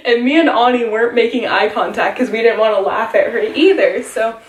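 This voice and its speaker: A woman's voice: a little high, a little fast. A young woman vlogger casually telling a funny story, giggling and acting out what people said. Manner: giggly, animated retelling with quoted voices. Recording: echoey room, mic at a distance.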